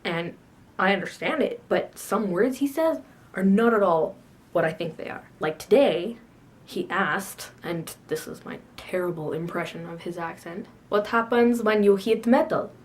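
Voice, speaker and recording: A woman's voice: fairly low pitch, a little slow, a little hiss or hum. A teenage girl in a casual video blog, sassy and self-mocking, rambling about her day with frequent laughs. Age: teens. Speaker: video blogger. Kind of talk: casual chat to camera.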